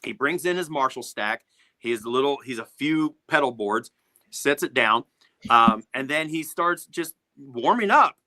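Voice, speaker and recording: A middle-aged man, a music producer, telling studio stories as a guest with lively, swearing energy, acting out the people he quotes. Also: medium pitch, a little slow, dry recording. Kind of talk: animated storytelling in a podcast interview.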